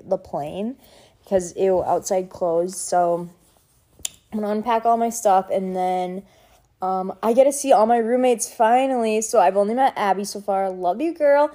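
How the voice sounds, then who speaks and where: A young woman chats to her followers in a loose, sentimental ramble, scattering likes and ums as she goes. Her voice is mellow and dark-toned, sitting at a middle pitch for a woman. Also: a little slow. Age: young adult. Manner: chatty and sentimental, full of fillers. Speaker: vlogger. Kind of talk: casual chat.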